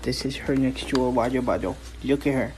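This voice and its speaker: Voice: mid-range voice, a little fast, a little mellow, a little hiss or hum, rough recording. A person showing off a tiny pet to viewers, talking casually. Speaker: pet owner. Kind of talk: casual pet video narration.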